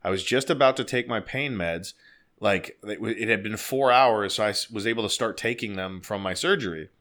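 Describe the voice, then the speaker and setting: Animated male guest, profane casual storytelling. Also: lowish voice, a little fast. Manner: profane, animated, laughing as he tells it.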